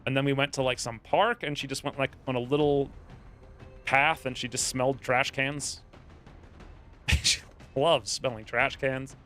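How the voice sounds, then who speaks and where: A man's voice: medium pitch, fairly even intonation, a little slow, long pauses, a bit bright, faint music behind. A man streaming a strategy game, chatting casually and drifting into stories while he plays. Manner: rambling, distracted, storytelling asides. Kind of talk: casual gameplay commentary.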